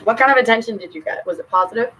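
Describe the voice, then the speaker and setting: A woman venting to her camera at her sister, bitter and profane, her voice dropping low or flaring hot. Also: racing, sharp tone, low-quality recording. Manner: swings between muttering and heated outbursts. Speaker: vlogger addressing her sister. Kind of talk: personal rant to camera.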